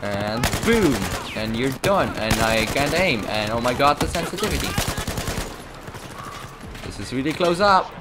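Slow-talking man joking over gunfire. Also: medium pitch, big pitch swings, heavy background noise. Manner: joking, self-mocking banter while playing. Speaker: gaming channel host. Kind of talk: let's play commentary. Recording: loud game gunfire over the voice.

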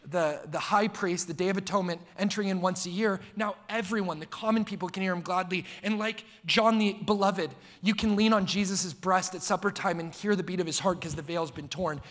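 A man preaching a sermon to a church congregation in a casual, slangy way, with big swings in pitch and loudness. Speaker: pastor. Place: church sanctuary before a congregation.

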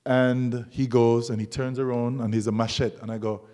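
A Jamaican man with a medium-pitched voice speaks at normal speed while giving a public artist talk in a museum lecture hall. As a guest speaker and documentary photographer, he tells stories animatedly and acts out the dialogue.

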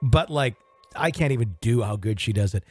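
A man's voice: mid-range voice, expressive, moderate pace, darkish tone, dry recording, soft background music. A man hosting a podcast in casual chat, joking and mimicking radio DJs. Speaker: podcast host.

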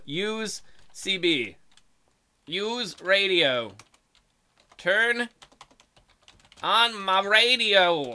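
Bright high-voiced man joking through a game. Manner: joking, crude, reads game text aloud. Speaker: gaming video host. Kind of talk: casual let's play commentary.

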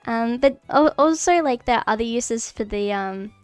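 A woman streamer teaching mycology gives a casual livestream lesson in a higher voice with lively intonation and a moderate pace. The tone is clean with no echo, and faint music plays behind her as she giggles nervously and rambles with plenty of fillers and restarts.

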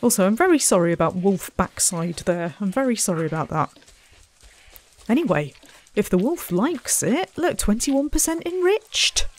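Woman, let's-play host, chatty and wry, middle pitch. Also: big pitch swings, normal speed. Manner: chatty, self-mocking, talks to the animals and visitors. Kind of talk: casual gameplay commentary.

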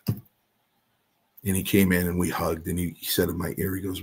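A man's voice: low voice, flat delivery, moderate pace, long pauses, breathy edge. A man guest in an interview, telling a story in a casual way and acting out the other voices in his quotes.

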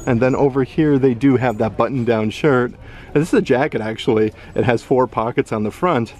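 A man's voice: mid-range voice, darkish tone. A man filming a casual shopping vlog in an outlet store, upbeat as he describes merchandise and prices. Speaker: vlogger.

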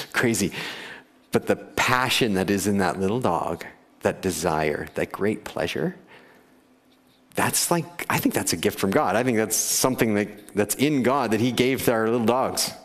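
A man preaching a conversational sermon to his congregation, often laughing and asking them questions. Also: on the low side. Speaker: pastor. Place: church sanctuary. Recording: church hall with long reverb.

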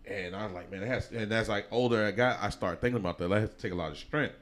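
Low-voiced man telling rambling stories. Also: quick pace, fairly bright tone. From Chicago, USA. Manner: loose, rambling storytelling with many restarts and fillers. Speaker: podcast guest. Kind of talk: casual interview storytelling.

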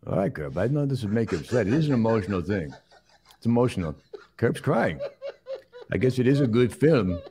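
A man's voice: on the low side, very animated, a crowd in the background. Man doing a mumbling aging action star. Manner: halting, rambling, tongue-tied. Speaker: comedy show host. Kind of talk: improvised comedy sketch.

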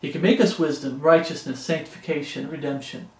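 Preacher guy, earnest and pleading, pretty high voice, lots of room echo. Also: steady tone, brisk, darkish tone. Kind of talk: sermon.

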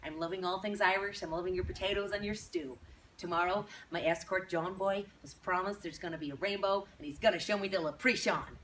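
A woman's voice: fairly low pitch, steady tone, fairly quick, a bit bright, roomy sound, close to an everyday voice. A woman playing a naive young Texan beauty contestant, speaking with a bubbly, folksy Texan drawl. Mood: chirpy. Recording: distant mic with background noise.

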